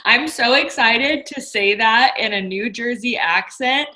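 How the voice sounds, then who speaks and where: A woman's voice: on the high side, unhurried, pushed and bright, low-quality recording. A woman hosting a casual interview, chatty and enthusiastic, laughing easily. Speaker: podcast host.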